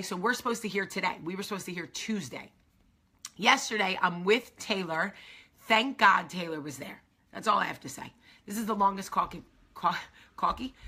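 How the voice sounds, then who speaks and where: A middle-aged woman hosting her own vlog, telling a story in an excited, rambling way with many asides. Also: medium pitch, creaky, husky. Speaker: vlog host. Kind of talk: casual chat to camera.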